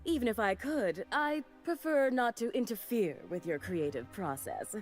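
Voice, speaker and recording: A woman voices a flamboyant fashion designer in a video game, grandiose and theatrical, doting on people and showering them with endearments. Her fairly high, natural voice is animated at a moderate pace, over soft background music.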